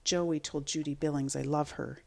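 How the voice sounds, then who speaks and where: A woman's voice: sits low, steady tone, moderate pace, gravelly. A woman reading aloud and voicing an anxious, exasperated third-grade boy. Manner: worried, insistent, exasperated.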